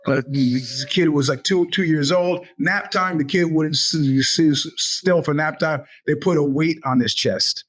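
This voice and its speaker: Guy hosting his podcast, kinda high voice, swears a lot, sarcastic rants, does little voices for people he quotes. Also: a little slow, hardly any pauses. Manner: animated, profane, sarcastic storytelling. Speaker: podcast host. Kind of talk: casual monologue.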